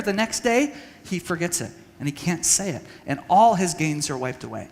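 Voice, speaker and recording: Earnest man speaking in a reverberant hall. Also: sits high. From United States. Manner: earnest, halting with restarts, acts out dialogue. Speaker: speaker at a church training session. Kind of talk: conference talk with personal story. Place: church hall.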